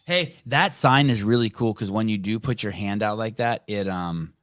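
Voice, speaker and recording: A man hosting a podcast who tells casual anecdotes in a relaxed, chatty way, swearing now and then. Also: lowish voice, moderate pace, no room sound, studio quality. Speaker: podcast host. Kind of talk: casual conversation.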